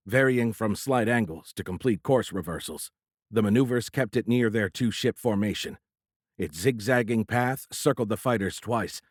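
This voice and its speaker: A male audiobook narrator with a low voice, reading in a steady, measured way. The recording is close-miked and dry, with no room sound behind it. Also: dry recording. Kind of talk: scripted narration.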